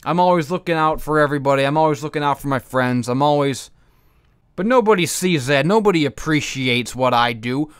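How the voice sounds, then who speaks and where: A man's voice: fairly high pitch, fairly quick, clear, resonant tone, no echo, clean studio sound, pitched below the performer's own voice, close to an everyday voice. A man ranting as a foul-mouthed, bitter young female robot pilot. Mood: furious self-pitying. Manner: profane, ranting, self-pitying. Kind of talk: comedic monologue.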